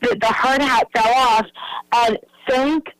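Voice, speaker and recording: A woman guest in a casual interview, telling an excitable, rambling story. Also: fairly high pitch, slow, dry recording, low-quality recording.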